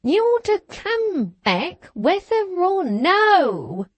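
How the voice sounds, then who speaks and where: A screeching, officious male clerk calls out in a high, strained voice, leaning hard on every word, as a woman puts him on. He speaks slowly and sounds faintly distant. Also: sing-song, no room sound, exaggerated voice. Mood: insistent.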